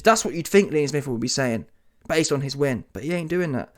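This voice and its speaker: A man's voice: medium pitch, brisk. A British man, talking solo about boxing in a combative, mocking, slangy rant. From Britain. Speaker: boxing commentator.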